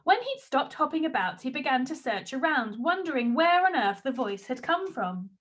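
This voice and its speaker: A woman's voice: sits high, very animated, moderate pace, a bit bright. A woman reading a storybook aloud, narrating expressively in the first person.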